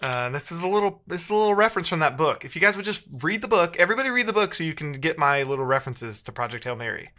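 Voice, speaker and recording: A man's voice: on the high side, lively intonation, rapid-fire, few pauses, sharp tone. A man chatting casually on a live stream while he codes, thinking aloud and muttering between bursts of talk to his chat, with keyboard typing behind him.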